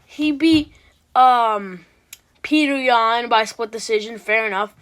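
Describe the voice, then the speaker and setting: Woman host, high voice, casual rambling reaction commentary with frequent restarts and swearing. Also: slow, fairly bright tone.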